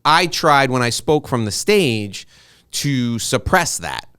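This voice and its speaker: A middle-aged American man hosting an interview, chatty and openly emotional, talking in quick asides with frequent restarts. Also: medium pitch, very animated, fairly bright tone, clean tone, dry recording, clean studio sound. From United States. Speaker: podcast host and interviewer. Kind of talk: casual interview conversation.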